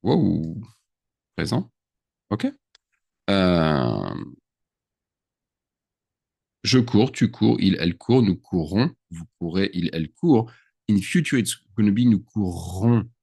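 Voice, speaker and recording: A man who teaches a grammar lesson. He talks in a chatty way at his computer, thinks out loud and slips words into his English. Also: low-pitched, sing-song, slow pace, vocal fry, pauses often, no echo. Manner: chatty, thinks aloud, mixes French into English. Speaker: French teacher. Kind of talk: screen-share grammar lesson.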